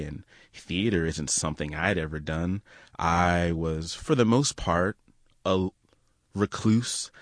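A man's voice: sits low, dry recording, studio quality. A young man telling an earnest, reflective personal story to an audience. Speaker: storyteller and guest.

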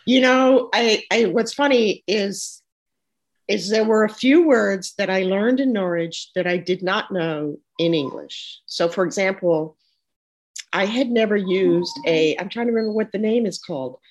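Older woman, American accent, show host, chatty, restarts often, middle pitch. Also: measured pace, dull audio. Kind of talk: casual interview chat.

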